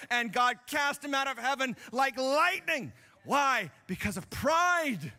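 A bright, high-voiced man preaches a sermon from a church stage. He drops to hushed asides, then builds to loud, emphatic lines. His voice rings out with a long reverb through the hall. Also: big pitch swings, normal speed. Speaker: pastor. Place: church sanctuary.

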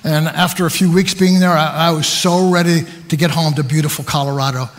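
A man preaching a sermon, telling stories about himself with animated, self-deprecating humor. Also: fairly high pitch, fairly quick, in a large hall.

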